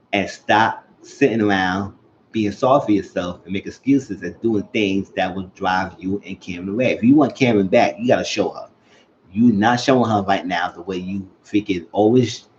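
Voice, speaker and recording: Male host recapping a show, lower voice, dull lo-fi audio, animated storyteller. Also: a little hiss or hum. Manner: animated, retells scenes, acts out quotes. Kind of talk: casual episode recap. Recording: dull lo-fi sound.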